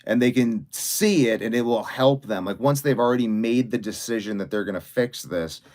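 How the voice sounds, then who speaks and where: A young man talking in a fast, rambling live-stream monologue, full of fillers and restarts. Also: medium pitch, darkish tone. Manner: fast, run-on talk with many fillers and restarts. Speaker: vlogger livestreaming while writing.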